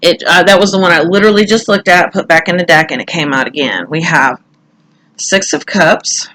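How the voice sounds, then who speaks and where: A middle-aged woman talks casually through a tarot reading, chatty and candid, sometimes swearing or laughing at herself. Her voice is lowish, brisk, and a bit bright, and the audio is poor.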